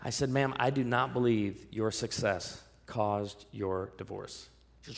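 Pastor guy preaching, gravelly voice, tells stories then gets loud and punchy. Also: lowish voice, measured pace. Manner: storytelling preacher, rising to loud emphatic peaks. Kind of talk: sermon.

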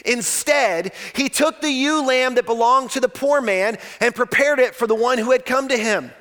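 Male preacher, high voice, dramatic sermon storyteller who swings between loud and hushed. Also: moderate pace. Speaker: pastor.

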